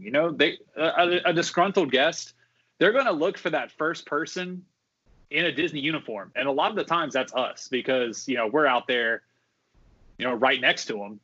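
A man's voice: fairly high pitch, normal speed, pushed and bright, breathy edge, lo-fi sound. Rambling man telling work stories. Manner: rambling, many fillers and restarts. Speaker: guest, former theme park custodian. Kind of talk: casual podcast storytelling.

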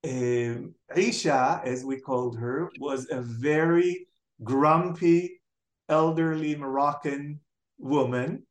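Taking it slowly in a mid-range voice, an Israeli memoir author recounts family stories in an interview recorded in an echoey room. The delivery is animated, with the quoted family members acted out.

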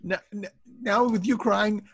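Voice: mid-range voice, fairly even intonation, measured pace, fairly bright tone, husky. A performer voicing an overwrought, sobbing lover in an improvised comedy sketch. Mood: sappy. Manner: overwrought, sappy.

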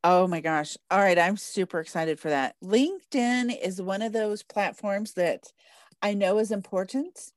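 Woman podcast host, bubbly and laugh-prone, average pitch, dead-dry sound. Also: unhurried, no room sound. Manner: bubbly and gushing, laughs often. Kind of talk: casual interview chat.

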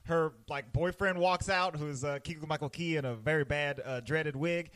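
A man's voice: a little high, normal speed, a bit bright, dry recording. A man co-hosting a podcast, animatedly retelling a film scene in casual chat and laughing often. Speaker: podcast co-host.

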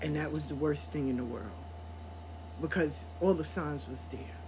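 A woman hosting her own show, telling a personal story in a candid, profane way. She laughs often mid-sentence and turns quiet and reflective when she talks about healing. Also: low voice, normal speed, background noise.

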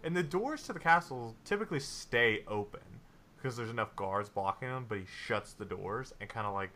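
A man's voice: mid-range voice, expressive, brisk, sharp tone, slight background noise. A man narrating a tabletop game as game master, in a loose style with many fillers.

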